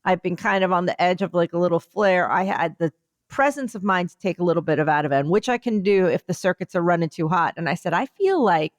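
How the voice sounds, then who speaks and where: Lower-voiced woman telling a rambling story. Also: animated, quick pace, dry recording. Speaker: podcast co-host. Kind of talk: casual chat.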